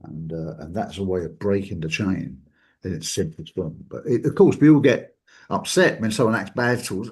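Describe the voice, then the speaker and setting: A man's voice: fairly low pitch, expressive, fairly quick, darkish tone. A man hosting a reflective talk show, speaking loosely and conversationally, with frequent fillers and chuckles, acting out the people he quotes. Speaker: podcast host.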